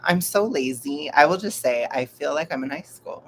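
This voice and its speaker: A man's voice: a little high, expressive, moderate pace, slight background noise. A young man rambling casually at home in a live-stream vlog, laughing often and making fun of himself. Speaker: vlogger.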